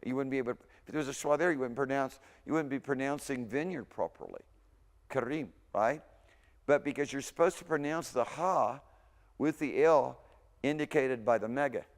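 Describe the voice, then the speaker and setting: Male teacher, mid pitch, relaxed talk, drills pronunciation, echoing hall. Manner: conversational, repeats words slowly for pronunciation, frequent okays. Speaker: Hebrew instructor. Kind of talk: recorded university lecture.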